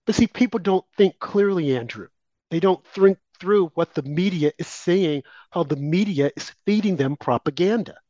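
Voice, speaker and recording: A man's voice: sits high, expressive, moderate pace, mellow, no echo. A man co-hosting a political talk show, delivering emphatic, heated opinion commentary aimed at his co-host. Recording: dull, lo-fi and dry.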